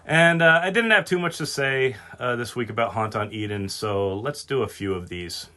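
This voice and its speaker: A man hosting a casual podcast, jokey and animated, swearing casually as he talks. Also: medium pitch, normal speed. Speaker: podcast host.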